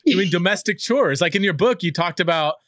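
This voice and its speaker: Man hosting podcast, higher voice, casual and rambling, dry close sound. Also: lively intonation, brisk, a bit bright, no room sound. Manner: casual, rambling questions with fillers. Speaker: podcast host. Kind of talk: podcast interview.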